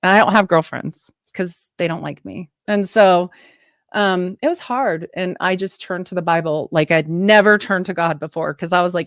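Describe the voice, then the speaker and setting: Woman, lower voice, lively storytelling, dry close sound. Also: moderate pace, no echo. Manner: animated, quotes people in lively voices. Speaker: podcast host, guest. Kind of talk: casual interview storytelling.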